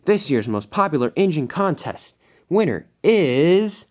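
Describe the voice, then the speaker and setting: A man puts on a firm, lively voice for a stern middle-aged railway boss. He announces and scolds in a businesslike way, pausing on his words. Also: fairly high pitch, voice pushed up.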